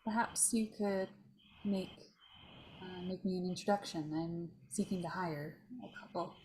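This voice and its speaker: A woman's voice: fairly low pitch, measured pace, warm tone, slight background noise, poor audio. A woman taking part as a player in a tabletop role-playing game, speaking hesitantly with many fillers.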